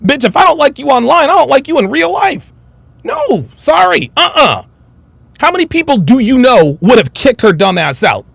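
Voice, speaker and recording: Animated gravelly-voiced man ranting. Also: very high-pitched, moderate pace, dry recording. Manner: blunt, combative, swears heavily. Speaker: livestream host reading super chats. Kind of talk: profane livestream rant.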